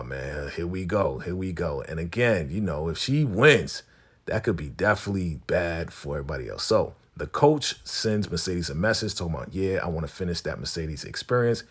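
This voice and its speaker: Man, very low husky voice, chatty TV recap host who acts out characters' lines. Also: very animated, normal speed. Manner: chatty, keeps saying "right?" and "your girl". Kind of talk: casual TV episode recap.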